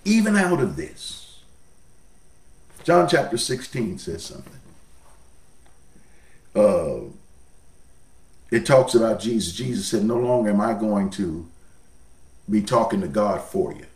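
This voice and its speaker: A man's voice: fairly low pitch, animated, measured pace, long pauses, darkish tone, echoey room, far from the mic. A man preaching a sermon as pastor, folksy, his voice swelling up and dropping down.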